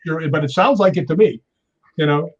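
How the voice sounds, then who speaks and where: A man in his sixties, a stunt performer, telling anecdotes in a lively way, laughing often and acting out other people's lines. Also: a little high, brisk, slightly rough. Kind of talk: anecdotal storytelling. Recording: dull lo-fi recording.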